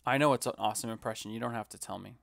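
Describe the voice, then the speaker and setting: Gravelly joking male streamer. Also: fairly low pitch, rapid-fire, fairly bright tone, no echo. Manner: joking, rambling, self-mocking. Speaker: live streamer building a city. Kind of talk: casual live-stream commentary.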